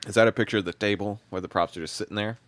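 A man's voice: lowish voice, steady tone, rapid-fire, fairly bright tone, no echo. A man co-hosting a podcast in casual chat, congested from a cold and often exasperated. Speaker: podcast co-host.

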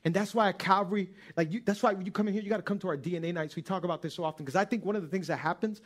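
A male pastor preaching a sermon. He acts out scripture in the first person and swings from soft murmurs to loud, near-shouted pleas. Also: high voice, rapid-fire.

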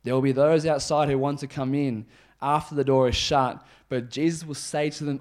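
Pastor guy preaching, chatty and emphatic, mid pitch, gets low and quiet on the heavy bits. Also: steady tone, moderate pace. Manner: conversational, emphatic, drops low on serious points. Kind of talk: sermon.

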